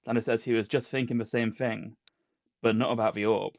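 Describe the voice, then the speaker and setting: A podcast co-host casually recaps a comic plot, slipping into put-on quotes. His mid-range voice is steady, brisk, and gravelly, and the recording is dry, with a dull lo-fi sound.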